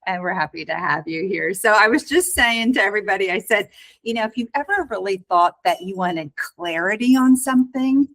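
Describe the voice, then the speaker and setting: A woman hosting a casual podcast chat over a video call, chatty, laughing often and pausing on fillers. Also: medium pitch, lively intonation, fairly bright tone, rough recording. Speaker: podcast host.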